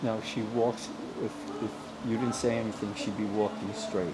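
Low-voiced man over crowd noise. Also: little pitch movement, moderate pace. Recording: noisy crowd behind.

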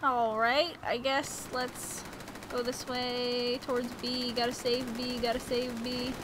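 A woman with a fairly high voice hosts a gaming channel, speaking slowly over background noise. Her play-by-play is casual, excitable and full of jokes, and she yelps every time she's in danger.

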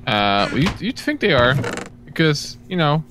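A man co-hosting a casual gaming session, joking and teasing his friends in an animated way. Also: fairly high pitch, normal speed, noisy background. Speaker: gaming podcast co-host.

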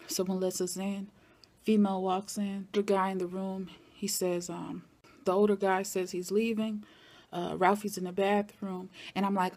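Animated woman recapping a TV episode. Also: mid-range voice, normal speed. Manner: animated, talks back at the characters. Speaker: TV recap vlogger.

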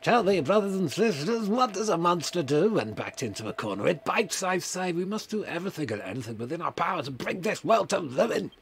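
A man's voice: high-pitched, sing-song, fairly quick, vocal fry, few pauses, a little hiss or hum, voice pushed up, heavily acted. Man doing a pompous game cult preacher; raised, sweeping, declamatory. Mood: zealous. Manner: grandiose, declamatory. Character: pompous dark cult preacher, zealous and grandiose.

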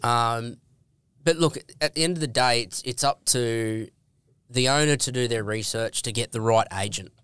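Blunt Australian man, smooth voice. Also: medium pitch, moderate pace, fairly bright tone, no room sound. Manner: blunt, storytelling, swears freely. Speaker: real estate agent guest. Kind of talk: casual podcast interview.

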